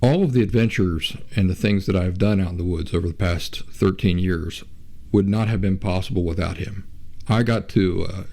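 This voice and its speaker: A man hosting his own show, talking in a reflective, unhurried way with frequent restarts and pauses. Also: low voice, vocal fry, darkish tone. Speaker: podcast host. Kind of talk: reflective casual talk.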